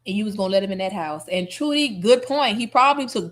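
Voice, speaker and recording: A woman streamer giving sassy, mocking reaction commentary, heavy on slang and loud laughter. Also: medium pitch, animated, fast talker, few pauses.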